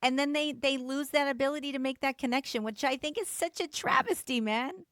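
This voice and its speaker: A woman hosting a podcast in a relaxed, chatty way, with lots of "like" and "man". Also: high-pitched, fairly quick, no room sound, studio quality. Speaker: podcast host. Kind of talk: casual chat.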